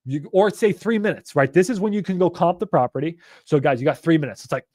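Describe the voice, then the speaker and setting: A man coaching in a casual, animated and profane way, acting out phone calls with sellers. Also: a little high, very fast, hardly any pauses, dry recording, studio quality. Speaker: real estate investing coach.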